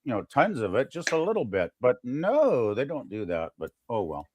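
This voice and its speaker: A man's voice: mid-range voice, wildly swooping pitch, moderate pace, darkish tone, husky, no room sound. Guy co-hosting, rambly, lots of uh and you know, bouncy voice, dry close sound. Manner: rambling, full of fillers and restarts. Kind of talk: casual chat.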